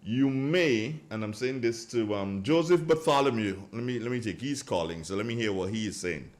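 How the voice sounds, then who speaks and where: A man's voice: mid-range voice, animated, moderate pace. A man hosting a live morning radio show from a studio, chatting casually and rambling as he reads out listener greetings.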